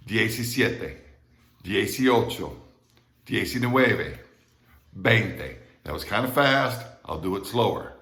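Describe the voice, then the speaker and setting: A man's voice: deep voice, a bit bright. A male Spanish teacher with an American accent, patiently repeating words and checking in with his students. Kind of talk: recorded classroom lesson. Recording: echoey room.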